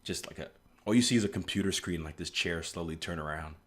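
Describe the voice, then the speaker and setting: A man's voice: deep voice, fast talker. A man in his thirties from the US East Coast, telling rambling stories in a casual live stream and then walking through trading charts, with frequent restarts and "like". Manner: rambling storyteller, many restarts and "like", chuckles often. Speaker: forex trading educator.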